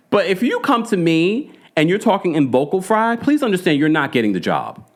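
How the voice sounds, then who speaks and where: A man's voice: sits high, wildly swooping pitch, moderate pace. A man hosting a casual, opinionated recap of a reality show, talking emphatically and mimicking the people he discusses.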